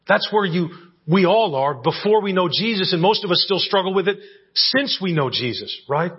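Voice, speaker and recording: A man's voice: sits high, expressive, normal speed, husky. A male pastor preaching a conversational sermon in a church, often checking in with the congregation. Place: church sanctuary. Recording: dull lo-fi church audio recording.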